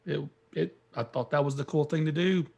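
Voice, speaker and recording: A man's voice: on the high side, brisk, vocal fry, a little mellow, husky. A man chatting casually as a guest, hesitant, with lots of ums. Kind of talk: casual chat.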